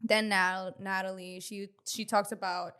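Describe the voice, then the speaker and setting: A woman's voice: mid-range voice, flat delivery, a little slow, sharp tone, clear, resonant tone. Woman, podcast co-host, casual recap chat, slangy, laughs a lot, swears freely.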